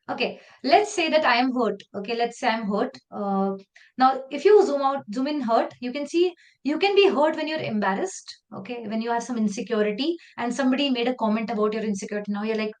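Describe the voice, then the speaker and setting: A woman with an Indian English accent leading a live online training session, talking in a lively, conversational way and slipping into Hindi phrases. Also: on the high side.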